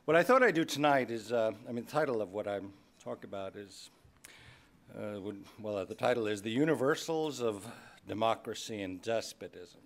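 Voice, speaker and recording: A man delivers a keynote address to a dinner audience. His voice sits on the low side. He begins loosely with small hesitations and then settles into firm, emphatic points. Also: moderate pace, fairly bright tone. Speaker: keynote speaker, head of state. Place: large banquet hall.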